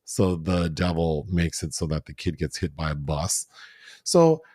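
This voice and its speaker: A man co-hosting a film review podcast in casual chat, animated and acting out lines from the movie. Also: sits low, measured pace, husky, dry recording, studio quality. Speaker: podcast co-host.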